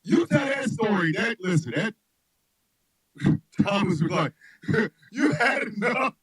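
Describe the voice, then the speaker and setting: This man hosts a radio show and spins rambling comic stories in a high voice that swoops up and down. He laughs a lot and shouts whenever a story peaks. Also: takes it slowly, breathy edge, no room sound, rough recording. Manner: loud, laughing, animated storyteller who shouts punchlines. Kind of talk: loose comedic chat with storytelling.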